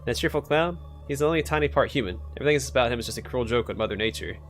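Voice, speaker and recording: A man's voice: medium pitch, lively intonation, racing, faint music behind, natural voice. A man voicing a chatty circus visitor who gossips about the show in a game. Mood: gossipy.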